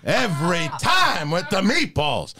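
A man putting on a blustering older male movie star, yelling in sudden outbursts with a bright, tense edge and a wildly swinging pitch. It is a comedic impression full of exasperated ranting. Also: wildly swooping pitch, measured pace, exaggerated voice. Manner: shouting, ranting, sudden bursts.

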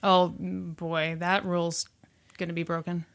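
A woman co-hosting a podcast, jokey and quick to react, often laughing. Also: fairly low pitch, flat delivery. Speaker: podcast co-host. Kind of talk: casual podcast chat.

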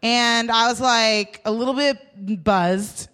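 A woman's voice: slow, clean tone. A young woman in casual chat, telling a story with lots of swearing and acting out what everyone said with big jumps in her voice. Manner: animated, swears freely, acts out quotes with big pitch jumps.

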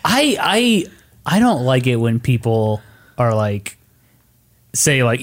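A man's voice: medium pitch, sing-song, measured pace. A man co-hosting a podcast in casual, joking chat. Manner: joking, rambling. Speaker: podcast co-host.

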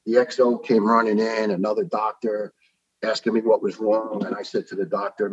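A man's voice: on the low side, brisk, slightly rough, muffled recording. An older man, a retired firefighter telling his story in a podcast interview and acting out the people he quotes. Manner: animated storyteller who acts out the people he quotes.

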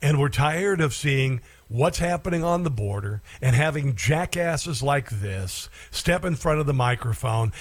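Sarcastic rambling male talk show host. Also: on the high side. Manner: sarcastic, rambling with stumbles and fillers. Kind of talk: opinion talk radio monologue.

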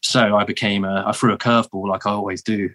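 A man with a southern English accent, a guest telling animated, self-deprecating stories in a casual interview. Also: lowish voice, fast talker. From south of England. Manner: animated, self-deprecating storyteller with frequent restarts. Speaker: guest, former Marine turned teacher.

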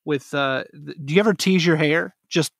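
A man's voice: on the high side, moderate pace, gravelly, a bit bright, no echo, clean studio sound. A man co-hosting a sports podcast, teasing his partner and laughing easily in casual chat. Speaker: podcast co-host.

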